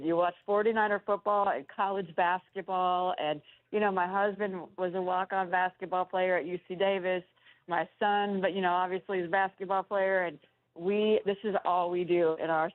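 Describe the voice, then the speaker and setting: A woman calling in to a radio show from a tunnel in an arena, telling stories in an upbeat, enthusiastic way. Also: medium pitch. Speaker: guest on the phone. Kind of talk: phone-in interview. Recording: tinny phone line.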